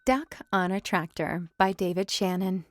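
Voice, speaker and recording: A woman reading a children's picture book aloud, narrating in a lively, expressive way with big jumps in pitch. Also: a little slow, no echo, studio quality. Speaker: storybook reader.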